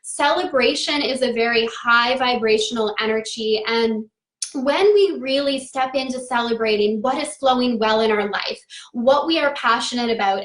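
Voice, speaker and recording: A woman's voice: fairly high pitch, echoey room. A woman in her thirties hosting a live-stream astrology talk, upbeat and affirming, greeting viewers by name.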